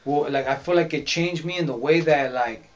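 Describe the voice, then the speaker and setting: Rambling man with halting restarts. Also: a little high, soft background music. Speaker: podcast guest, rapper. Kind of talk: casual sit-down interview. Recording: dull lo-fi podcast audio.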